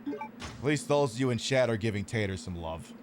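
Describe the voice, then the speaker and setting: A man's voice: on the low side, animated, normal speed, heavy background noise. A man casually commenting on a game he is streaming, sarcastic and profane, rambling between topics.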